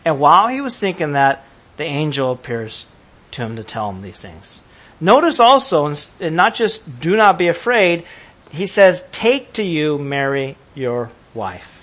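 Lively, laughing male pastor. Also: fairly high pitch, measured pace. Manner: lively, laughing, acts out voices of listeners. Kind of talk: sermon.

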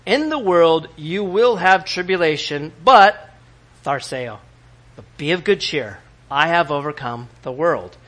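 Guy preaching, bright forceful voice, pretty high, gets loud acting out the bible stories. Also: a little slow. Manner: animated, acts out biblical quotes with sudden shouts. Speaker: pastor. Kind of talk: sermon.

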